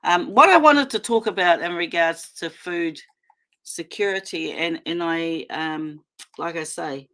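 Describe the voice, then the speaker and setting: A middle-aged New Zealand woman hosting her own livestream, her voice sitting fairly low and her delivery unhurried. She rambles with passion, circling back through fillers and restarts as she speaks into a computer mic. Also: a bit bright. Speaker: livestream host. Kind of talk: casual livestream commentary.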